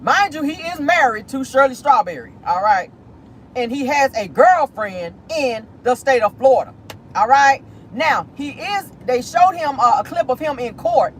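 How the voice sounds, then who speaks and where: A woman's voice: sits high, moderate pace, slight background noise, low-quality recording. Sassy woman spilling celebrity gossip. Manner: sassy, animated, exclamatory. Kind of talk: casual gossip commentary. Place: in a car, driving near an airport.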